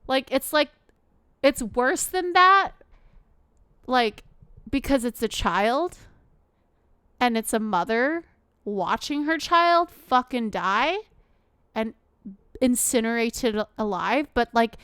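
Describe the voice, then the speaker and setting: A woman's voice: on the high side, lively intonation, slow, long pauses, a bit bright, clear, resonant tone, no echo, studio quality. A woman streamer reacting live to a news video, emotional and exclaiming, swearing often.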